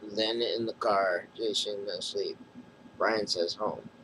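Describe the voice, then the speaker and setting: Low-voiced man reading a comic aloud. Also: steady tone, slow, a bit bright, slight background noise, rough recording. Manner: recounting panels in plain retelling, with mumbled restarts. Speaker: comic book reviewer.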